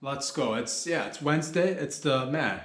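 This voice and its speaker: A man's voice: mid-range voice, expressive, normal speed, a bit bright. A man hosting a solo comedy podcast, rambling loosely, joking and swearing as he goes. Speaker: podcast host. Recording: echoey room.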